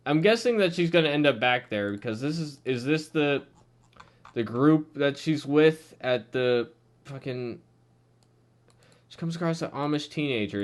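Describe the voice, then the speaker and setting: A young man hosting a comic review channel, ranting in exasperation, swearing a lot and saying "dude" often. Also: fairly high pitch. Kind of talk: ranting commentary.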